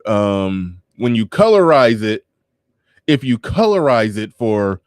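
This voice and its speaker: A man's voice: on the low side, sing-song, takes it slowly, no echo, clean studio sound. A male show host in a loose, rambling commentary with stammered restarts. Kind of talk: casual livestream commentary.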